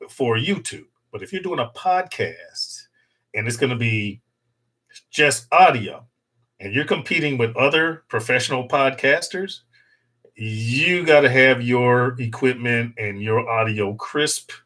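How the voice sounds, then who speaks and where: A man's voice: mid-range voice, fairly bright tone. A middle-aged man hosting a casual livestream chat from home into a desktop USB mic, rambling and joking with his viewers and laughing often. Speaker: channel host. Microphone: desktop USB microphone.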